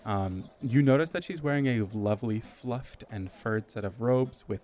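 A man's voice: medium pitch, normal speed, a little mellow. Man narrating as game master. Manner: descriptive narration, with frequent filler ums.

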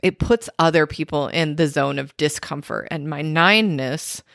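A woman's voice: sits low, moderate pace, gravelly, fairly bright tone, dry recording, studio quality. A woman co-hosting a podcast in casual chat, blunt and teasing, stretching out her phrases. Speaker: podcast co-host.

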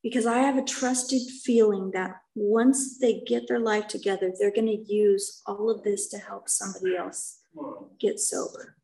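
A woman's voice: medium pitch, steady tone, unhurried, creaky, dark tone, low-quality recording. A middle-aged woman giving a personal testimony at a recovery meeting, earnest and conversational, often checking in with her listeners.

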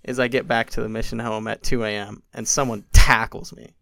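A young man spins a long anecdote in a low, gravelly voice that sits close and dry to the mic. He keeps it loose and animated, dropping in plenty of "like" and doing little voices for the people he quotes. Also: brisk, no echo. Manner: animated, acts out quotes, many "like" fillers. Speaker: podcast guest. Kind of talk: casual storytelling.

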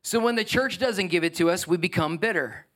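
A man's voice: high voice, brisk, fairly bright tone. A man, a pastor, preaching a sermon to his congregation in church, earnest and emphatic, often restarting his sentences. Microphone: handheld or stage microphone.

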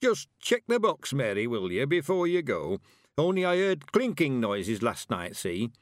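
A man's voice: medium pitch, sing-song, measured pace, dry recording, studio quality, voice pushed up. A man voicing an anxious, suspicious old countryman with a burr.

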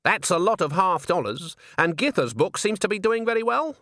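A man reading an audiobook voices a stern, proud old witch woman, raising his pitch. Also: sing-song, normal speed, sharp tone, no echo, clean studio sound, heavily acted.

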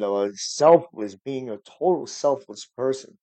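A man hosts a casual faith podcast in a dark, mellow voice. He rambles earnestly and gets heated when he talks about preachers. The sound is dry and close, with no room echo. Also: medium pitch, lively intonation, slow. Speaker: podcast host.

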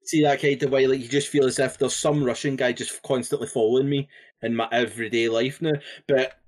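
A man of ordinary pitch co-hosting a podcast, spinning a loose story with plenty of "like" and "um". He swears casually and wanders off on side notes. His delivery stays unhurried and conversational. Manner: relaxed, rambling, sweary, full of fillers. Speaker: podcast co-host.

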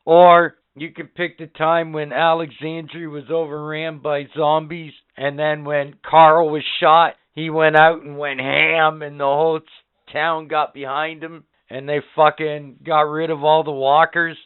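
A man hosting a casual podcast, counting down favorite moments with excited, profane storytelling. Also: fairly high pitch, a little slow, smooth. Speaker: podcast host. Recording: phone-like narrow band.

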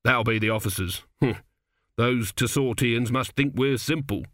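A man doing a gruff army sergeant. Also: medium pitch, unhurried, a bit bright, no room sound, studio quality, lightly acted. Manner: brusque, matter-of-fact.

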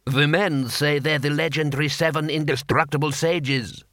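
A man's voice: a little high, steady tone, moderate pace, fairly bright tone, no echo, clean studio sound, voice pushed up. A man voicing a nervous male warlord who hesitates and stumbles over his words. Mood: hesitant.

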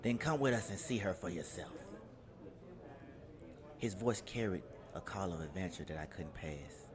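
A man reading a first-person adventure story in a measured, journal-like way, with crowd noise behind. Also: low-pitched. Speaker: narrator.

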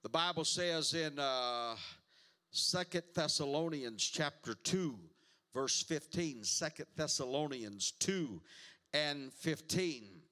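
High, bright-voiced preaching man. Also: animated, slow pace. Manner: emphatic preaching, repeats words and calls for responses. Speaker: pastor. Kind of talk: sermon.

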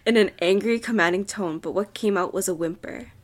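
A woman's voice: mid-range voice, fairly quick. A young woman reading a horror story aloud on a podcast, slipping into whispers at the scary parts. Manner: drops to a whisper at tense moments.

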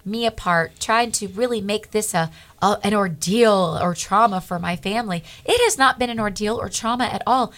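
Bright-voiced woman telling a faith story. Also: medium pitch, normal speed. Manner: animated storytelling, acting out dialogue, earnest. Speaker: guest. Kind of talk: personal testimony in a Christian talk show.

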